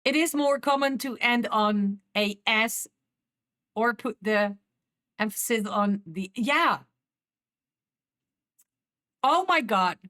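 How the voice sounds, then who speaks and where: A woman's voice: on the high side, animated, slow pace, pauses often, a bit bright. A woman with a Dutch accent chatting casually with viewers on a live stream, laughing often and repeating herself as she talks.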